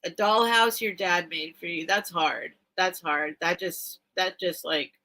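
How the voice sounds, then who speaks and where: A bright, clear-toned woman hosts a late-night live stream and chats casually with her viewers. She speaks slowly and takes her time, reacting warmly and emotionally to each comment she reads aloud. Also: on the low side, poor audio. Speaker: host of a live vintage sale stream.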